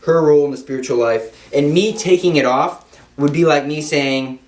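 A man's voice: a little high, normal speed. A young man giving an informal Catholic devotional talk in an emphatic, repetitive way, with playful asides. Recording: echoey room, speaker off-mic.

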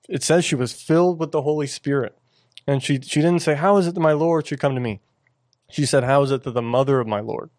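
A man co-hosting a casual talk about faith, earnest and halting, with many restarts. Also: medium pitch, darkish tone, no echo. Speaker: podcast co-host.

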